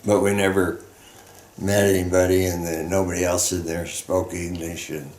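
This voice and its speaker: A man in his eighties from Colorado, a veteran telling his life story in a halting, rambling way with many fillers. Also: low voice, flat delivery, darkish tone, slight background noise. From Colorado, United States. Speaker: veteran interviewee. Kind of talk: oral history storytelling. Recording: roomy echoey room.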